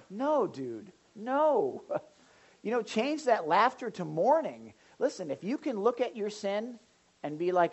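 A woman pastor preaching a sermon in an animated way, now and then acting out the voices of people in the pews. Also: mid-range voice, unhurried, husky, dull audio. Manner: animated, acts out congregants' voices.

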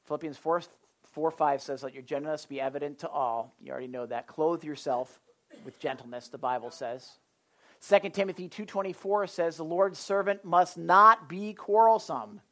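A man, a pastor preaching a sermon to a small group, moving between loud emphasis and quiet asides. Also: on the high side, lively intonation, moderate pace.

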